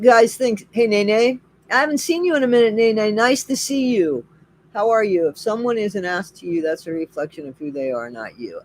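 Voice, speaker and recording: A man's voice: high voice, a little mellow, slight background noise. A middle-aged man chatting casually with viewers on a live stream, greeting them by name and repeating his phrases.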